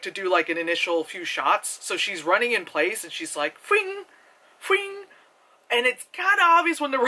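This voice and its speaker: Casual reviewer, bright tense voice, rambling and profane, keeps jumping into goofy impressions. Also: medium pitch. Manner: rambling, filler-heavy, profane, with sudden exaggerated voice impressions. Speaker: movie reviewer. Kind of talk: casual spoken film review.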